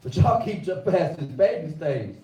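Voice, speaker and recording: A man's voice: on the high side, big pitch swings, normal speed, mellow, reverberant, distant mic, low-quality recording. A man preaching a sermon in a rhythmic, colloquial way, repeating phrases as he builds his points.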